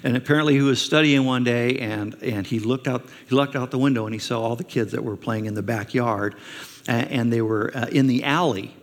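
A man's voice: mid-range voice, a little fast. Man preaching a sermon in a reverberant hall. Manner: animated storyteller asking rhetorical questions. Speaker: pastor. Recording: long reverb of a large hall.

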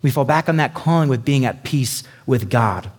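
A man's voice: normal speed, breathy edge. Man preaching in a reverberant church. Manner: animated, acts out quotes with sudden high bursts. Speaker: pastor. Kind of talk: sermon. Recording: long hall reverb.

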